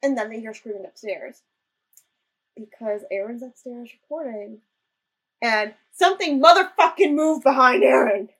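A young woman co-hosting a casual chat recap of a ghost-hunting show, animated and laughing. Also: on the high side, normal speed, husky, low-quality recording. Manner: animated, laughing, retells scenes in quoted voices. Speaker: podcast co-host.

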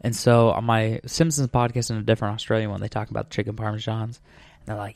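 A man's voice: fairly low pitch, flat delivery, fast talker, creaky, darkish tone, no room sound. A man hosting a podcast in casual chat, hopping from one tangent to the next. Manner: rambling, tangent-hopping storyteller. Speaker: podcast host.

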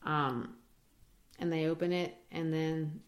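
A woman teaching literature in a lively way, discussing a play and acting out its quoted lines. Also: low voice, slow pace. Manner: animated, acts out quoted lines.

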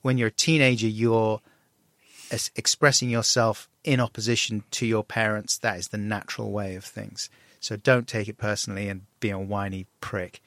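A middle-aged man telling a candid story as an interview guest, self-deprecating, and animated when he acts out dialogue. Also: on the low side, moderate pace, no room sound.

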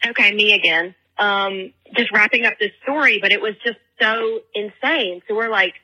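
Young woman caller, very bright husky voice, chatty storyteller full of fillers. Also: medium pitch, normal speed, low-quality recording. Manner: chatty, filler-heavy, animated retelling.

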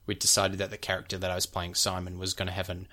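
Man, young adult, fairly low voice, podcast co-host, casual explaining, lots of filler words. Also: monotone, fast, sharp tone. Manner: explains at length, with many "like" and "you know" fillers; breaks off to demonstrate accent sounds.

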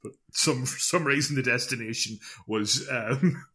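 A man's voice: mid-range voice, unhurried, bright, forceful tone. A man co-hosting a podcast in casual chat, rambling and self-deprecating, laughing often. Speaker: podcast co-host.

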